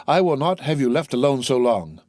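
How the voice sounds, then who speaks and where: A man's voice: mid-range voice, very animated, fairly quick, darkish tone, dry recording, clean studio sound, natural voice. A man doing an earnest young sailor. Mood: polite. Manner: earnest and emotional. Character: young male sailor, earnest, devoted son.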